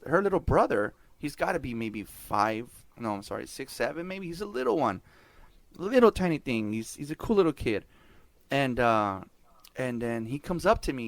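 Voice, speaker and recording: Middle-aged male podcast host, profane storyteller, a bit high-pitched, dry close sound. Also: dry recording. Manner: profane, storytelling, laughs often, drops Spanish words. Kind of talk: casual chat.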